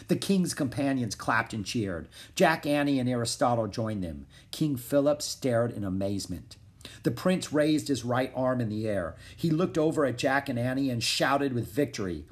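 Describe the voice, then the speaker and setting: Brief: male storybook narrator, expressive, lively intonation, husky tone. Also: mid-range voice, normal speed. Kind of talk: reading a children's book aloud.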